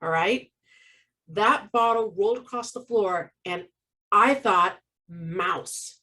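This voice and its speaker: A woman co-hosts a casual chat, animatedly recounting something that happened to her, laughing often and acting out what people said. Her voice is medium-pitched and slow, and she sounds far from the mic.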